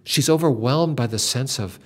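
A man's voice: medium pitch, normal speed. An older man hosting a Christian talk, earnestly retelling a story with dramatic emphasis. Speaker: Christian podcast host.

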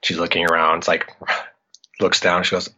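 Man, middle-aged, from Iowa, podcast guest, animated storyteller, bright forceful tone, dull lo-fi sound. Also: sits low, brisk, breathy edge. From Iowa, United States. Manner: animated, acts out his own past lines. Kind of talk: casual storytelling. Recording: dull lo-fi audio.

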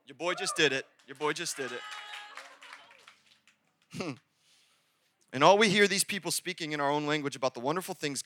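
A man preaching a sermon as pastor, conversational and energetic, with sudden loud peaks. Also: sits high, no room sound.

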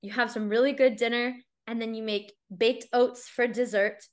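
Speaking at a moderate pace in a steady, somewhat high voice, a woman hosts a podcast, talking openly in a relaxed chat with plenty of "like" thrown in.

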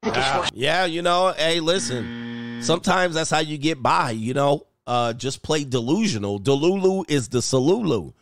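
A man's voice: fairly high pitch, expressive, unhurried, fairly bright tone. A man hosting his channel as a coach, joking through casual reaction commentary and reading news stories aloud.

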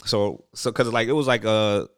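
A man's voice: on the low side, moderate pace, smooth, no echo, studio quality. A young man hosting a podcast, telling stories in casual chat, loose and full of slang and fillers. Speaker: podcast host.

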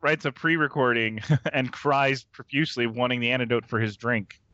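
A man co-hosting a casual podcast, teasing and cracking quick jokes. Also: medium pitch, sharp tone, no echo. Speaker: podcast co-host. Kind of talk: casual chat. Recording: dry, muffled lo-fi audio.

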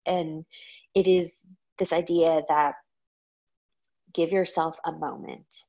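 A woman with a slight lilt hosts her podcast alone, thinking aloud in a candid, reflective way. Her voice sits a little low, and the audio is somewhat dull and muffled. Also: fairly even intonation, takes it slowly, dark tone. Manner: candid, reflective, with frequent ums. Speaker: podcast host. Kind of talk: casual solo podcast talk.

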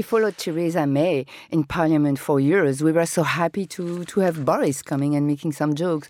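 A woman's voice: sits low, a little fast, hardly any pauses, darkish tone, dry recording. Hesitant woman on a dry studio mic. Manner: hesitant, many fillers and restarts. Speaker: guest journalist. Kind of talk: panel discussion. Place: radio studio.

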